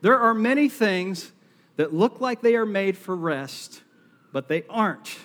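Joking Southern preacher in a big hall. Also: male voice, high voice, lively intonation, a little slow, a bit bright. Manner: jokey, conversational, self-deprecating preaching. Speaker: pastor. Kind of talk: sermon. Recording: long hall reverb.

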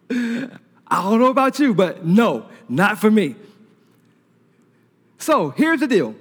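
A man with a high voice preaches to a congregation, and he tells his story with lively energy while acting out the conversations. His voice rings through a large hall with a long, trailing reverb. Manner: animated storyteller who laughs and acts out dialogue. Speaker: preacher giving a testimony. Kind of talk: sermon delivered as a personal story.

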